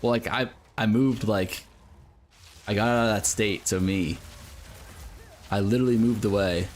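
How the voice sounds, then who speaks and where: A man's voice: lowish voice, steady tone, unhurried, slight background noise. Rambling American man chatting on stream. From United States. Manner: rambling, filler-heavy, swears and laughs often. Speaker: game streamer. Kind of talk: casual livestream chat with viewers.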